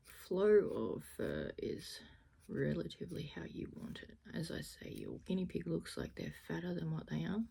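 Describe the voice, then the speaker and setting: A woman crafter chatting casually through a felting tutorial, self-deprecating, often dropping into a soft half-whisper. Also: fairly low pitch, vocal fry, a little hiss or hum, poor audio. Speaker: crafter demonstrating needle felting.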